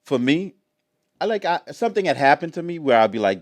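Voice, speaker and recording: A man on a casual podcast, telling lively stories and acting out both sides of phone calls. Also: a little high, a little fast, dry recording. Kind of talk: casual chat.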